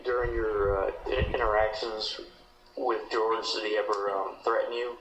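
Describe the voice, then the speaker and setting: A man interviews a witness, asking his questions haltingly with many pauses and fillers. His voice sits low. The sound is roomy and echoey, with faint background noise. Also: level tone, a bit bright, muffled recording.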